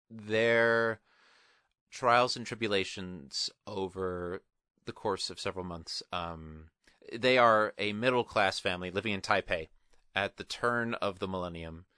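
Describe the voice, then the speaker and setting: A man with a lowish, bright and forceful voice talks through a film in a casual podcast chat. He circles back, restarts and piles on qualifiers as he goes. The sound is dry and close. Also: dry recording. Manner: rambling, many restarts and qualifiers. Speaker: podcast co-host.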